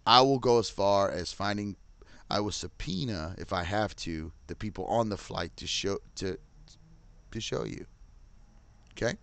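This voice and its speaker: A man's voice: lowish voice, measured pace, vocal fry, pauses often, a bit bright, clean tone, dry recording. A middle-aged man, a podcaster and musician, ranting angrily to camera with lots of swearing and a repeated "Okay?". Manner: heated, profane, repeats "Okay?". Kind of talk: angry rant to camera.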